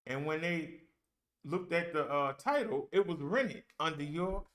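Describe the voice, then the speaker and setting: A man's voice: on the high side, measured pace, a bit bright. A man imitating a male phone scam caller who reads stiffly from a script. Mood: officious.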